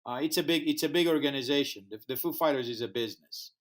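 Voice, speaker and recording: This music festival founder, a guest on a podcast, is a non-native English speaker with a mid-range voice who talks fast. He tells a story with animation, acting out the dialogue and voices of the people involved.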